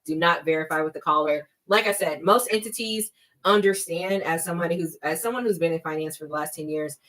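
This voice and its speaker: A woman's voice: deep voice, fairly bright tone, low-quality recording. A woman in her thirties, a guest expert on a podcast, explaining fraud warning signs in an emphatic, conversational way. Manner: emphatic, acts out scam calls in quick bursts.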